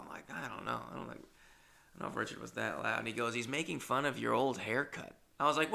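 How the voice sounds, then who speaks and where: A young man, a comedian and podcast host, telling a story in casual monologue, swearing freely and acting out the dialogue in lively bursts. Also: medium pitch, moderate pace, vocal fry.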